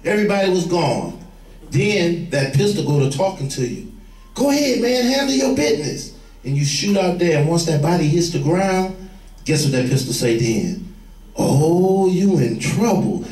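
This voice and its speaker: A former gang leader telling street stories to young people, vivid and plain-spoken. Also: male voice, on the high side, lively intonation, moderate pace, darkish tone. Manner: vivid storyteller, acts out quoted voices. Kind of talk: storytelling talk to a room. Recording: echoey room, far from the mic.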